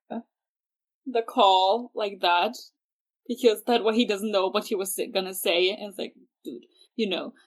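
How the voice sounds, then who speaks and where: A woman with a mid-pitched, ordinary voice, chatting casually as a podcast co-host. She talks hesitantly, often restarting her sentences. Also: poor audio. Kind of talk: casual fan podcast chat.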